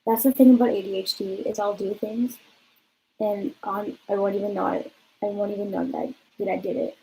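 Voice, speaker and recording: A woman's voice: mid-range voice, level tone, brisk, mellow, a little hiss or hum, rough recording. A young woman vlogger telling a casual, rambling story, swearing freely and saying "like" often. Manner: rambling, profane, lots of 'like'.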